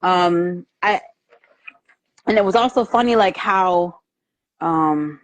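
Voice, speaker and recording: A woman hosting a casual live movie review chat, animated and quick to laugh, acting out lines from scenes as she retells them. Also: lowish voice, dry recording. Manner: animated, quotes lines in put-on voices, lots of laughter. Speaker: host. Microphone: live video stream.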